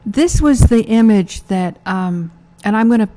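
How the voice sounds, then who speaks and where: A woman working as a studio producer, giving brief, relaxed replies in casual chat from a small TV studio. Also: mid-range voice, unhurried. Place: small public-access TV studio.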